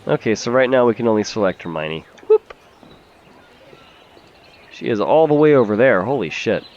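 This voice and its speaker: A man's voice: medium pitch, animated, normal speed, a little mellow, muffled recording. A man giving casual, chatty gameplay commentary as a let's play host, swearing freely and laughing easily.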